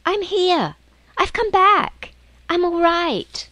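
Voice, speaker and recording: A woman voicing a brave, polite young girl, speaking brightly and eagerly in a raised voice in an audiobook reading. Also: mid-range voice, animated, a little slow, no room sound, voice pushed up, close to an everyday voice. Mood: shouting.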